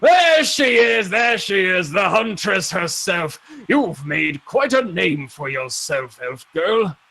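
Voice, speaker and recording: A booming, jovial old champion of the arena, put on by a man running the game. He speaks in a slow, grandiose way, with a gravelly grain and a slightly raised pitch. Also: big pitch swings, pushed and bright, full character voice. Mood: hearty greeting. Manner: hearty, grandiose, slow and drawn out.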